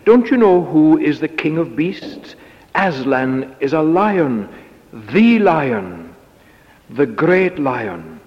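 A man's voice: fairly high pitch, very animated, slow. A man voicing a stern, earnest male beaver from a storybook read aloud, on a dull recording with a long echo. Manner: stern, emphatic. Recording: dull lo-fi tape in echoey hall.

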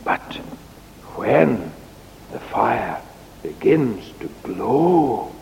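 A man with a gravelly voice gives a children's sermon in an unhurried, animated, sing-song manner. His voice carries a long reverb, as if recorded in a large hall. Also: mid-range voice, a little hiss or hum. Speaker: preacher giving a children's talk.

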